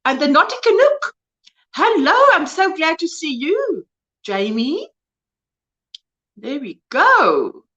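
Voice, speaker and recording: A woman's voice: sits high, big pitch swings, slow pace, long pauses, pushed and bright, muffled recording. A woman in her fifties with a South African accent, hosting a casual crochet livestream from home, chatting with viewers, greeting them by name and laughing often. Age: 50s. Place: at home, indoors.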